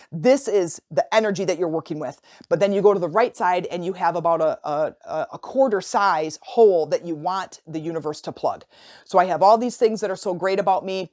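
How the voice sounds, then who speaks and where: A woman hosting a motivational coaching podcast, telling a story in a casual, animated way, often repeating and restarting her phrases. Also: lowish voice. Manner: animated, acts out imagined dialogue. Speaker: podcast host and life coach.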